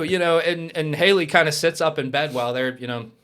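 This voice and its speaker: Animated man telling a story. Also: a little high, brisk, few pauses. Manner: animated, swears, acts out quoted voices. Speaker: podcast guest. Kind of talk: casual podcast storytelling.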